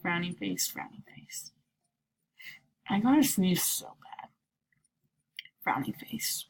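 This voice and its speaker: A woman's voice: fairly low pitch, slow, vocal fry. A slightly sick woman chatting playfully through a casual gameplay commentary, slipping into whispered asides. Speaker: gameplay video creator.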